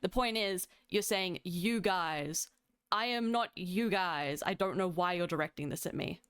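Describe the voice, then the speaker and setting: A woman's voice: on the low side, a bit bright, clear, resonant tone, no room sound, studio quality. A woman in a heated voice-call discussion, talking firmly and with irritation. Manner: firm, irritated, rapid-fire. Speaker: call participant.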